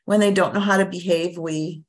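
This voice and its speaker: A woman's voice: fairly low pitch, steady tone, brisk. A woman guest, a parent coach, explaining her ideas in an earnest, teacherly way in a casual interview.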